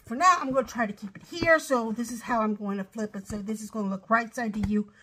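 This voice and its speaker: Middle-aged woman, slightly high voice, rambling craft walkthrough at home, keeps apologizing. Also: fast talker, pushed and bright, a little hiss or hum. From Ohio, USA. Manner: chatty, rambling, apologetic asides. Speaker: craft vlogger. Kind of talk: casual show-and-tell craft walkthrough.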